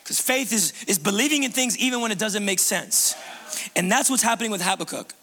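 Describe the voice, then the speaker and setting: A man preaching a sermon in a church, conversational and animated, with lots of restarts and casual fillers. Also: high-pitched, a little fast. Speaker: pastor. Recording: long reverb of a large room.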